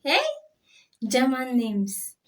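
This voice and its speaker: A woman's voice: high voice, drawn-out words, distant mic. A woman hosting a reaction video, chatting casually and animatedly, often repeating words back.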